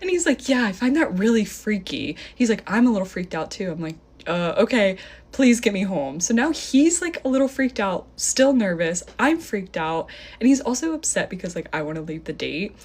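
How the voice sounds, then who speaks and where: A woman's voice: mid-range voice, big pitch swings, normal speed, a little mellow, slightly rough. Young woman, storytime vlogger, chatty and filler-heavy. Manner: breathless, full of "like", acts out quotes. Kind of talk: storytime vlog.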